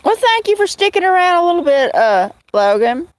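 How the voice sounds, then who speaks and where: A woman's voice: extremely high pitch, big pitch swings, fairly quick, dry recording. A middle-aged woman, hosting a casual livestream from her rural home and answering viewers by name. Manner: chatty, drawling, answers chat by name. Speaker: livestream host.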